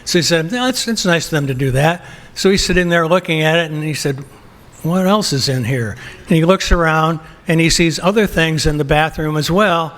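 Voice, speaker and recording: A man's voice: fairly high pitch, moderate pace, fairly bright tone. An older man presenting an award, telling a long comic anecdote and acting out the quotes with laughter. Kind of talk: anecdote at a banquet podium.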